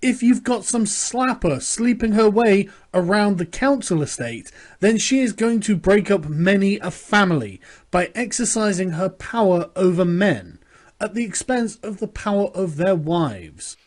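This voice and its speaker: Blunt, high-voiced British man. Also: animated, a little slow. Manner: blunt, profane and rhetorical. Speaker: commentator in a quoted video. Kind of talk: opinion monologue.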